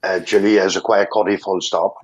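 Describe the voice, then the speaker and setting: Husky man on a muffled call. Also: low-pitched, little pitch movement, a little fast. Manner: easygoing, jokes about himself, laughs. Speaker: co-host. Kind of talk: casual chat.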